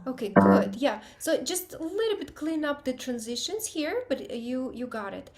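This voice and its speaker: Her voice sits high with big pitch swings and a moderate pace. As an online group piano teacher, she encourages students and demonstrates passages by singing the rhythms.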